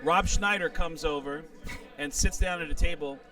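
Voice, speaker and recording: High-voiced male comedian telling stories. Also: normal speed, recorded from a distance. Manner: animated anecdote teller, swears freely. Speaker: comedian guest. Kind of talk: casual storytelling.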